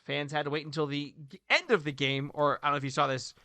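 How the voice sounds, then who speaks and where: A man in his thirties co-hosting a casual hockey podcast, joking and animated, swinging between loud bursts and quiet asides. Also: a little high, fast talker, no echo. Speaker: podcast co-host, hockey coach. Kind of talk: casual sports podcast chat.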